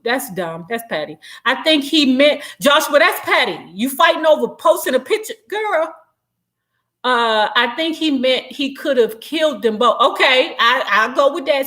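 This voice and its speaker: Animated, high-voiced woman gossiping on a livestream. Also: moderate pace. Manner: animated, profane, sassy. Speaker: vlogger. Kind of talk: livestream gossip chat, reading comments.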